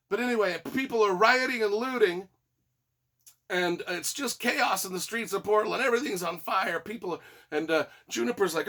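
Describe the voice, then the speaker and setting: A man's voice: high-pitched, animated, normal speed, a bit bright. A man giving a casual spoken book review, rambling and profane with sarcastic asides.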